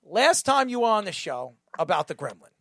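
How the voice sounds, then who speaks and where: Animated, rambling man hosting a podcast. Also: high voice, fairly quick, creaky, no room sound, clean studio sound. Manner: rambling, animated, repeats himself, mimics accents. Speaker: show host. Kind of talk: casual podcast interview.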